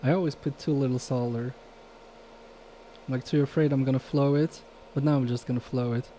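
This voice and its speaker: A man's voice: medium pitch, steady tone, brisk, warm tone, a little hiss or hum. A man chatting casually with his live-stream chat while repairing electronics, joking, swearing and laughing often. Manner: laughs often between remarks.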